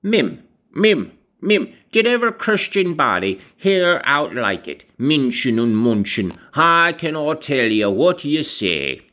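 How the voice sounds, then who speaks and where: Grumpy old farm servant guy, gruff and muttery, pitched up high, a man doing the voice. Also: very animated, takes it slowly, sharp tone, heavily acted. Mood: grumbling. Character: surly old male servant, grumbling, rustic.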